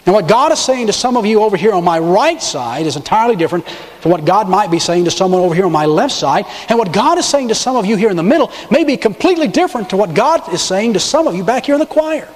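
A man preaching from the pulpit with a high voice that leaps up and down as he drives home each point. His urgent sermon rings through a church with a long reverb. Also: animated, quick pace. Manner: emphatic preaching, rising on key words. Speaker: pastor. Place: church sanctuary with balcony and choir.

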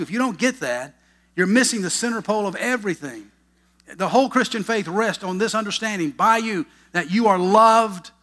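A male pastor preaching a sermon, emphatic, stressing and repeating key words and swelling louder on his main points. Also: high voice.

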